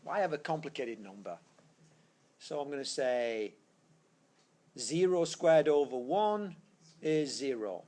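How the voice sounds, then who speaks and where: His voice is medium-pitched and dark-toned, with lively intonation, a slow pace, and long pauses. A man teaching physics to a classroom of students, he works through ideas step by step, thinking aloud and self-correcting, recorded on a tablet screencast mic.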